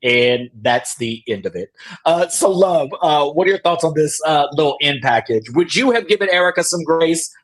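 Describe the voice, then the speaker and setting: A man's voice: on the high side, moderate pace. A man hosting a casual recap, acting out quotes with laughs. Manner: animated storytelling, acts out quotes with laughs. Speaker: podcast host.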